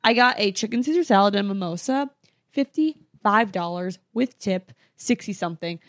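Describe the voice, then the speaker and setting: A woman's voice: mid-range voice, normal speed, a bit bright, dry recording, clean studio sound. A woman co-hosting a casual chat podcast from a hotel room. She reacts eagerly and tells her own stories with enthusiasm. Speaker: podcast co-host.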